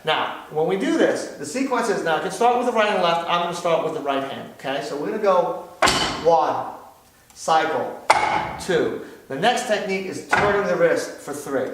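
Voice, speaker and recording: A man's voice: a little high, expressive, fairly quick, few pauses, a bit bright. A man instructing a martial arts drill, patient and explaining step by step, checking in with frequent questions. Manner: patient, repeats "okay?" often. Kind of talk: demonstration lesson. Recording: echoey room, distant from mic, noisy.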